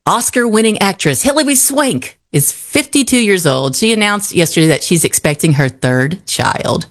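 A woman's voice: mid-range voice, lively intonation, moderate pace. A woman co-hosting a radio morning show, telling celebrity gossip in a chatty, wry way and laughing easily. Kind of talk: casual showbiz gossip chat. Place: radio studio.

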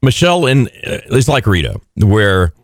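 A man's voice: on the low side, very animated, moderate pace, no echo. A man hosting a live radio chat show from a studio, with upbeat, chatty banter.

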